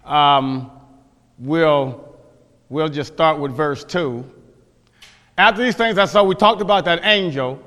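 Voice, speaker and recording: A man's voice: on the high side, slow, long pauses, fairly bright tone. A man teaching a Bible class, folksy, questioning his listeners, often restarting his sentences. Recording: echoey hall.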